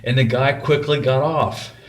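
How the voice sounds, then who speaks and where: A man's voice: mid-range voice, steady tone, a little slow. A middle-aged man telling a personal story in a folksy, rambling way. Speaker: vlogger.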